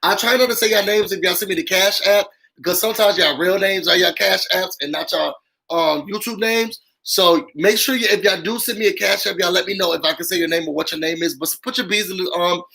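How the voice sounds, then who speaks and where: Black guy doing a live call-in stream, high bright voice, rambly and animated. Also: brisk, rough recording. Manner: animated, talks straight to viewers, heavy "y'all" and "um" fillers. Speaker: YouTube show host. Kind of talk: casual live-stream commentary with call-ins.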